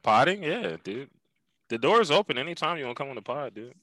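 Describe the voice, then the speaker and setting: A man's voice: medium pitch, big pitch swings, fast talker, bright, forceful tone, no room sound, rough recording. A young man hosting a podcast in laid-back casual chat, swearing often and calling his guest dude. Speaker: podcast host.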